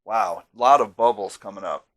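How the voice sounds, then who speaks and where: A man's voice: lowish voice, normal speed, fairly bright tone. A man casually reviewing a beer on camera, chatty and self-deprecating, with savoring asides.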